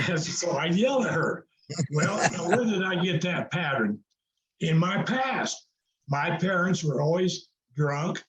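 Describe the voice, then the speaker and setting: A man's voice: fairly high pitch, expressive, unhurried. An older man, a guest on a video call, earnestly telling his story in a preacherly way, with fillers and repetition. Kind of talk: conversational storytelling. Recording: roomy, dull video-call audio.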